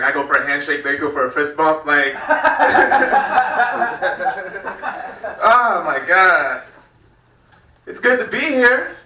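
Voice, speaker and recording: A man from Virginia works through a stand-up set at an unhurried pace. His voice is very bright and sits a little high, and he keeps chuckling at his own lines. He is picked up from far off in an echoey club room. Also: slight background noise. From Virginia, United States. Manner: loose, rambling delivery with frequent laughs at his own jokes. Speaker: stand-up comedian. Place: comedy club stage.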